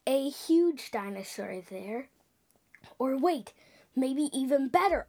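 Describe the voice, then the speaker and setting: Animated high-voiced woman playing time traveler. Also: slow pace. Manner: animated, with sound effects and loud gasps; drops into hushed whispers. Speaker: host of a dinosaur show. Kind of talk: playful pretend time-travel narration.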